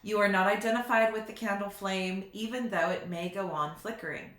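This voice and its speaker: Bright, reflective woman in a roomy space. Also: mid-range voice, fairly even intonation. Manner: slow, reflective, laughs at herself. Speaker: spiritual teacher. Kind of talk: reflective spiritual teaching vlog. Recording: roomy echo.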